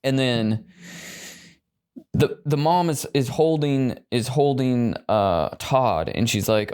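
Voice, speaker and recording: A man's voice: mid-range voice, measured pace, clear, resonant tone. A man co-hosting a podcast, retelling a film in casual chat with lots of swearing and acted-out quotes. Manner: profane, animated retelling with voices. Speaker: podcast co-host.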